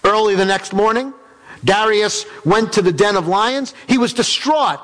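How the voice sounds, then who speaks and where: A man's voice: high-pitched, moderate pace, fairly bright tone. A man preaching in character as a biblical figure, telling the story dramatically and emphatically in a church sanctuary. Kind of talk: first-person character sermon. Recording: reverberant hall.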